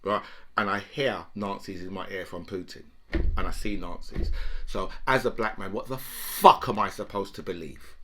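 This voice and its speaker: A man's voice: lowish voice, moderate pace, sharp tone, a little hiss or hum. A man giving heated political commentary. He talks emphatically, swears, and keeps asking "right?".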